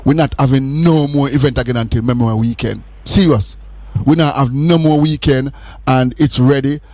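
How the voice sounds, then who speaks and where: A man's voice: medium pitch, steady tone, normal speed, a little mellow, dry recording. Jovial Jamaican man hosting radio. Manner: jovial, laughs often, teasing. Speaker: radio host. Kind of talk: casual radio banter.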